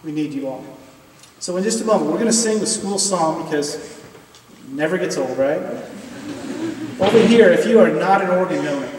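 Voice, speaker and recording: A man's voice: on the high side, animated, normal speed, long pauses, darkish tone, slight background noise. A middle-aged man giving an emotional, earnest speech in a university chapel, pleading with his audience. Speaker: university professor speaking in chapel. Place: large hall, recorded from afar. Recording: distant, echoey hall with long reverb.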